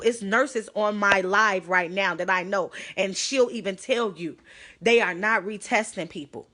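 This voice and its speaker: Woman, live stream, phone mic, bright forceful voice, pleading, near tears. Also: medium pitch. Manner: urgent, pleading, close to tears. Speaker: livestreamer. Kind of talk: emotional live stream address.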